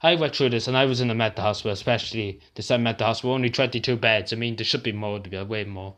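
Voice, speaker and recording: A man's voice: lowish voice, very fast, fairly bright tone. An Irish man vents straight into the camera, worked up and swearing, circling back to the same words again and again. He sounds upset, near to tears, his voice strained and raw as he talks. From Ireland. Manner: agitated, swearing, repeats himself. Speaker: vlogger. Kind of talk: angry rant to camera.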